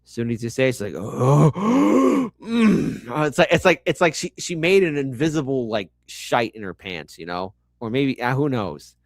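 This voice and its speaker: Animated sarcastic commentary host, dry close mic. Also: male voice, mid-range voice, brisk, hardly any pauses, dry recording. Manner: animated, sarcastic, swearing, many fillers. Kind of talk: reaction commentary.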